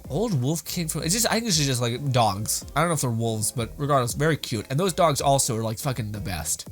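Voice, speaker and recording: A man's voice: medium pitch, expressive, a little fast, soft background music. A young man hosting, giving casual, rambling reaction commentary with frequent laughter and plenty of swearing. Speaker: host reacting to videos.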